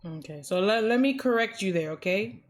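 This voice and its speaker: A woman in a mid-range voice plays a dispatcher interviewing a new recruit. She talks casually and chattily, using slang. Her tone is plain and even. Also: mid-range voice, moderate pace. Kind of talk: role-play interview.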